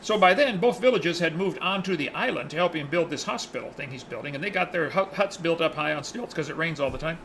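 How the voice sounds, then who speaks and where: A man teaching a Bible study class tells a story with real animation. His voice sits a little high and has a bright, forceful edge. A faint hum of noise runs behind him. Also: fast, few pauses, rough recording. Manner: animated, acts out the characters' lines in his retelling.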